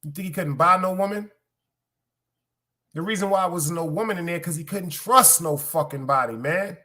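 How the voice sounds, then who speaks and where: A man's voice: high voice, moderate pace, bright, forceful tone. A man from Brooklyn with a Brooklyn accent, hosting a live podcast stream in casual, profane, rambling chat aimed straight at his viewers. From Brooklyn, New York.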